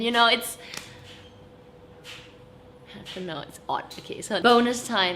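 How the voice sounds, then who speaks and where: Talking casually to camera, this young woman vlogs with lots of energy, punctuating her points with "okay?" and frequent laughter. Her voice is medium-pitched, and there's a faint hiss or hum in the recording.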